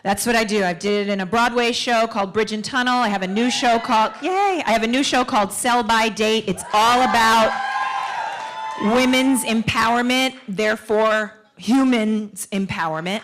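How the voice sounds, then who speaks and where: A woman from Queens, New York, addressing a crowd from a stage microphone, sounding eager and lively as she throws in quick asides. Her voice sits a touch high, with a faint hum in the background. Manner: excited, animated, quick asides. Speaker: actor and performer. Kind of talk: stage remarks to an audience. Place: stage at a town hall event.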